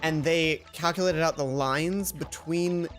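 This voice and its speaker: Rambling, excitable man over game music. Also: on the high side, unhurried. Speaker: co-host of a gaming video series. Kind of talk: casual gaming commentary. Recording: game music playing behind.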